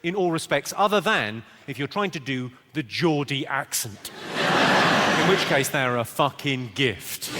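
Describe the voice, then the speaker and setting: A man's voice: medium pitch, lively intonation, a little slow, long reverb tail. A man doing crude, blunt stand-up comedy. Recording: loud live crowd and noise.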